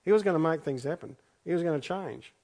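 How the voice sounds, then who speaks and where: Earnest preaching man, slightly high voice. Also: fast talker, darkish tone. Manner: earnest, repeats phrases for emphasis. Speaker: pastor. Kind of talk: sermon with scripture reading.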